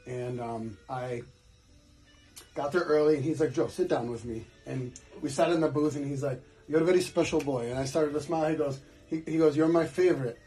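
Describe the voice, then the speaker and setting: A man's voice: fairly high pitch, a little fast, warm tone, faint music behind. A man in his forties, a tattoo artist, chatting casually and telling a rambling story with many restarts while he works.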